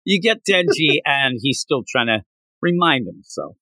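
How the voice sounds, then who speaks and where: A man's voice: a little high, big pitch swings, measured pace, sharp tone, dry recording. A man co-hosting a podcast, casually recapping a manga chapter and acting out the characters' lines in jumpy voices. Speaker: podcast co-host.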